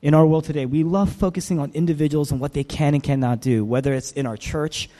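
A man preaches a sermon with an animated, emphatic delivery, full of repetition and rhetorical questions. His voice is mellow and fairly high. A long reverb hangs in the hall around him. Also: fast talker. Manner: emphatic, repeats phrases, asks rhetorical questions. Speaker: pastor.

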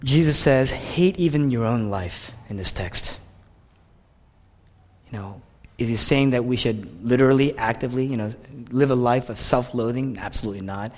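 A man preaching a sermon with passion, rising to loud cries and dropping to hushed whispers. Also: medium pitch, normal speed, in a large hall. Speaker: pastor.

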